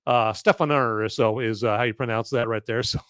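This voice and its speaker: A man's voice: mid-range voice, steady tone, brisk, a bit bright, smooth, dry recording, clean studio sound. A man from the United States hosting a live movie review podcast, rambling in casual chat with lots of fillers and restarts. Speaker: podcast host.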